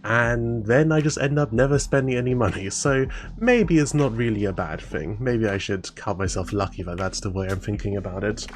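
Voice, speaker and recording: A man's voice: fairly low pitch, lively intonation, normal speed, hardly any pauses. Wry chatty male game streamer. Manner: wry, chatty, mildly indignant asides. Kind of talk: casual live-stream chat over gameplay.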